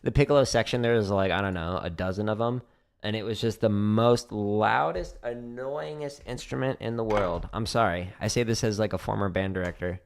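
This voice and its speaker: A man's voice: lowish voice, normal speed, vocal fry. A man hosting a casual livestream Q&A from his home drum studio, explaining rudiments between practice runs and laughing easily. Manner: relaxed, laughs often, hums drum patterns. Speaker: drumming teacher streaming practice.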